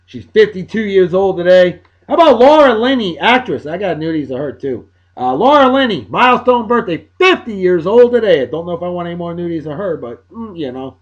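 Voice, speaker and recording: A man's voice: high voice, big pitch swings, brisk, hardly any pauses, muffled recording. A man in his forties from Massachusetts, hosting a casual, jokey solo show and putting on a folksy country drawl. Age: 40s. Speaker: host. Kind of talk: casual solo video blog.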